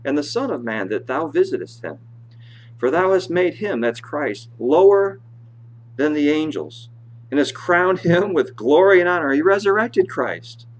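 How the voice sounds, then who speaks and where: A male pastor preaching a sermon in church, reading scripture aloud in a rising voice and dropping low to explain it. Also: big pitch swings, a little slow.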